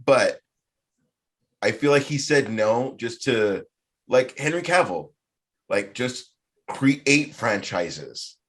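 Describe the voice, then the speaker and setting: A man hosting a podcast in casual chat, animated and swearing freely as he riffs. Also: medium pitch, slow, pauses often. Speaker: podcast host.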